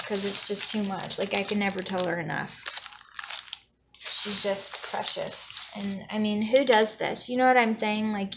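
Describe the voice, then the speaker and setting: A woman's voice: mid-range voice, creaky, very noisy. A young adult woman vlogging in casual chat, gushing and effusive, with lots of restarts.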